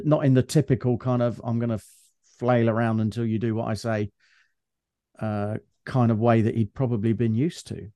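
Middle-aged man, co-host, chatty storyteller, dark mellow tone, dry close sound. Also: medium pitch, no echo. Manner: chatty, animated anecdotes with restarts. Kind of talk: casual conversational storytelling.

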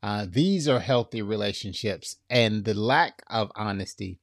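A man gives a relaxed, conversational sermon, taking his time over each point. He keeps checking in with the congregation as he goes, and the recording is close and dry. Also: fairly low pitch, slow pace, no room sound. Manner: casual, checks in with "right?", acts out quotes. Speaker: preacher teaching on relationships.

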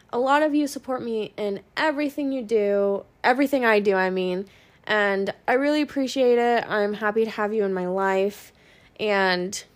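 Slow, rambling young woman podcaster. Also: a little high. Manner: rambling, many ums, frank and swearing. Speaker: podcast host. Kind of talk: casual podcast chat.

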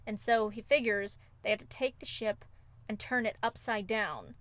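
A woman's voice: mid-range voice, normal speed, a bit bright, no echo. A woman co-hosting a podcast, retelling film scenes with emotive enthusiasm in casual chat. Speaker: podcast co-host.

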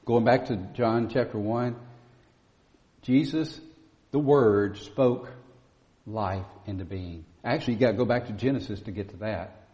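A man's voice: lowish voice, a little slow, mellow. A man preaching a sermon with an emphatic, repetitive cadence that rises for emphasis. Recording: dull sound with long reverb.

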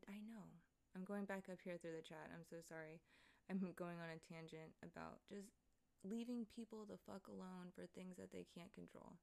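A woman's voice: on the low side, gravelly. A young woman livestreaming, chatting casually and rambling with lots of swearing and laughing asides as she reads the chat.

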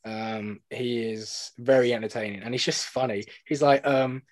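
A man's voice: medium pitch, steady tone, normal speed, dry recording. A young man, chatting casually as a podcast co-host, full of "like" fillers and laughing often. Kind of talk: casual chat.

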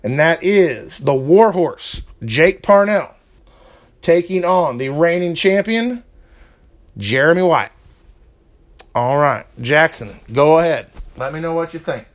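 A man's voice: on the high side, expressive, slow pace. A man hosting a casual wrestling preview podcast, rambling with fillers and turning to a heated rant. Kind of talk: casual chat.

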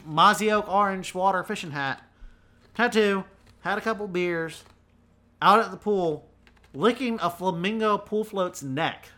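A man with a Southern US accent chats loosely on a podcast. His voice is bright and forceful, and he rambles, often repeating a word or two before his thought gets going. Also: high-pitched. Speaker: podcast co-host. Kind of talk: casual chat.

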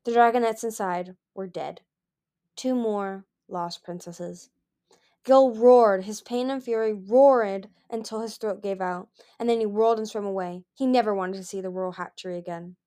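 A woman reading a fantasy novel aloud as amateur audiobook narration, in an expressive manner. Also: mid-range voice, normal speed. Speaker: audiobook reader.

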